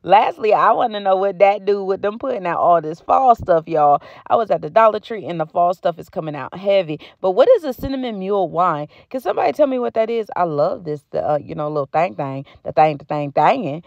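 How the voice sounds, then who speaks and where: A woman's voice: medium pitch, lively intonation, fairly quick, vocal fry, hardly any pauses, a little mellow, dry recording. A woman vlogger from the United States, chatting casually and slangily straight to her viewers about deals and her life. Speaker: beauty and home-goods vlogger. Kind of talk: casual chat to camera. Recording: dry, slightly muffled sound.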